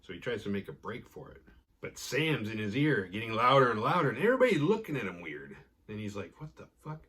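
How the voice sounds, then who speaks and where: Husky-voiced man recapping a show. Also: lowish voice. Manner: profane, animated retelling with quick acted quotes. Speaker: podcast host recapping episodes. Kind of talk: casual recap chat.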